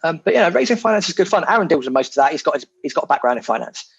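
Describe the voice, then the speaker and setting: Man, husky, frank casual chat, lots of fillers, dull dry lo-fi sound. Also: fairly high pitch, very animated, very fast, no room sound. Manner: frank and self-deprecating, many fillers. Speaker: property investor guest.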